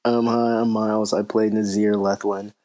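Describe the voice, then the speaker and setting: A man's voice: fairly low pitch, level tone, normal speed, mellow. A man playing in a tabletop game who talks in a laid-back way and laughs a lot. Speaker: player.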